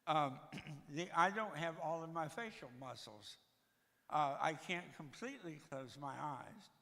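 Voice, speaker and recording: A man tells his life story with wry, self-deprecating humor, his heavy breathing always audible. His voice sits a little high, with a gravelly edge and a bright, forceful ring. The long reverb of a church hall trails behind his words. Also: animated, a little slow. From Tennessee, USA. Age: 60s. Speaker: guest speaker. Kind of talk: humorous personal testimony. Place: church sanctuary.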